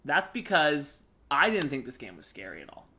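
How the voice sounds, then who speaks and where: A man's voice: on the high side, wildly swooping pitch, moderate pace, pushed and bright. A young man co-hosting a casual gaming podcast, eagerly retelling game scenes in a rambling way with many fillers. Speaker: podcast co-host.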